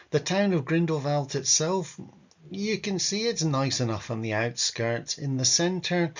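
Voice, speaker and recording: Male travel vlogger, mid-pitched and gravelly, wry and rambling, dull lo-fi audio. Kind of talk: casual travel commentary over photos.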